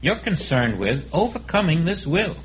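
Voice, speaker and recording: Guy preaching a sermon, slow thoughtful teaching, voice a bit on the high side. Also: low-quality recording. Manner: calm, reflective teaching that acts out inner dialogues. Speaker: spiritual teacher.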